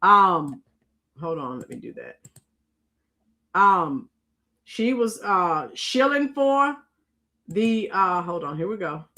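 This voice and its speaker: A woman's voice: lowish voice, animated, slow, pauses often, sharp tone. A woman hosting a casual live stream, chatting with viewers and reacting to clips with frequent fillers.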